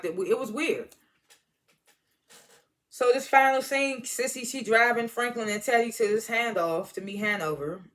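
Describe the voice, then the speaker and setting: A TV episode reviewer giving a casual, animated recap, often correcting themselves and breaking into excited exclamations. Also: medium pitch. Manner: animated, rambling, self-correcting.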